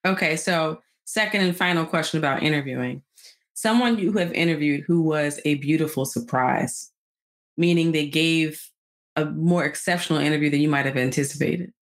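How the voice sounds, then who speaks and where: A woman's voice: sits low, moderate pace. A woman hosting an interview, asking questions and responding in a supportive, reflective way. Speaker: interviewer host. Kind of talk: casual interview.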